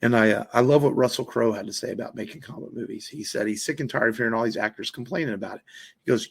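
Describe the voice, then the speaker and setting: A man with a gravelly, husky voice talks casually on a podcast. He rambles and circles back with plenty of ums and restarts, at an ordinary pitch. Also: quick pace. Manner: rambling, many fillers and restarts. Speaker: podcast co-host. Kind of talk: casual film chat.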